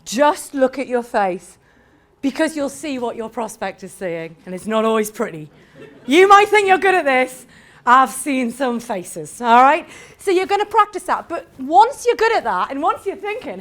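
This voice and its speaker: A woman giving a lively sales talk to a live audience, acting out little scenes in quoted voices. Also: high-pitched, moderate pace. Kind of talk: lively conference presentation.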